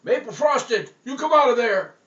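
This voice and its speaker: A man's voice: medium pitch, slow pace, pushed and bright. A man voicing a zealous stranger hollering exorcism commands, in an echoey room with dull, lo-fi sound. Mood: commanding.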